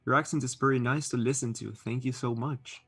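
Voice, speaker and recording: A man's voice: mid-range voice, steady tone, fairly quick, fairly bright tone, slightly rough, soft background music. A man hosting a live stream, reading chat aloud and chatting casually; English is not his first language, and he talks with many fillers and restarts. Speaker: livestream host reading chat.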